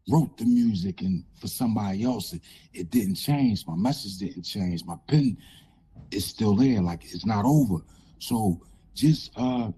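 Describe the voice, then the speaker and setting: A man with a raspy, changed voice, speaking haltingly as an interview guest telling a personal story, with many pauses and fillers. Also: medium pitch, warm tone.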